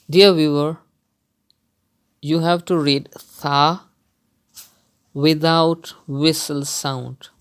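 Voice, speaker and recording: A Quran teacher takes a recorded lesson at an unhurried, deliberate pace, sounding each letter out as an example. The voice is smooth and clear, with careful, steady instruction. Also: mid-range voice. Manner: patient, demonstrates each letter sound aloud.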